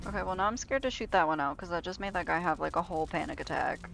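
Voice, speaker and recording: A woman streaming a video game, chatting casually and excitably with frequent swearing and playful grumbling. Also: fairly low pitch, vocal fry, a little hiss or hum. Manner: chatty, excitable, quick reactions and self-talk. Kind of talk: casual live-stream gameplay commentary.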